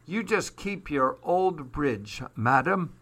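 A man's voice: on the high side, lively intonation, slow pace, fairly bright tone, voice pushed up, full character voice. A man voicing a proud old bearded hobo from a storybook, wistful and dignified. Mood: stubborn.

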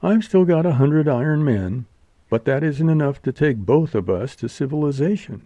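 A man's voice: on the high side, animated, normal speed, mellow, dry recording, muffled recording, voice pushed up, close to an everyday voice. A man doing a teasing slangy showgirl. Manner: drawling slangy purr. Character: languid wisecracking young showgirl, teasing. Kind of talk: audiobook character voice.

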